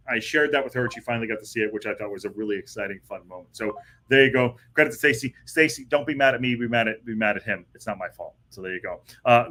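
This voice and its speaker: On a live football podcast, a male host with a sharp, mid-range voice talks in a loose, casual way. His live-stream chat wanders, full of fillers and false starts.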